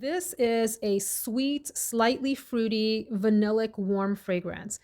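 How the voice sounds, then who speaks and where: A woman's voice: on the high side, steady tone, darkish tone. A woman chatting casually in a fragrance review vlog, enthusiastic and talkative, dwelling on each scent note. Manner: chatty, enthusiastic, lists scent notes slowly.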